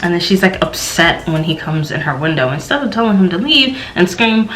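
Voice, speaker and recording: Young southern woman rambling through a tv review, low voice, lots of ums, faint music in the back. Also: expressive, fairly bright tone, low-quality recording. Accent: Southern American, light. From American South. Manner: rambling, filler-heavy, slow and low-key. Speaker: TV show reviewer. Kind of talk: casual review chat.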